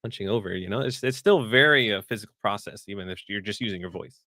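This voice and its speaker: Enthusiastic low-voiced man. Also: quick pace, bright, forceful tone, dry recording. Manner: enthusiastic, rambling storyteller. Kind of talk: casual panel chat.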